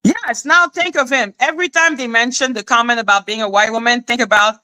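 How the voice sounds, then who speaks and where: A woman hosting her own channel, ranting in a casual, sarcastic monologue, swearing and laughing, swinging between high mocking tones and low deadpan asides. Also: fairly quick. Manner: sarcastic, exasperated, swears freely, laughs often. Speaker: commentary channel host.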